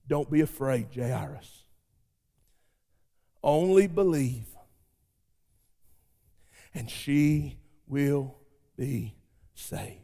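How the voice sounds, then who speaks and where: A man voicing a calm, steady adult male healer in a sermon, speaking in an earnest, plainspoken way. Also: very high-pitched, unhurried, heavily acted. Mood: gentle. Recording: long reverb of a large hall.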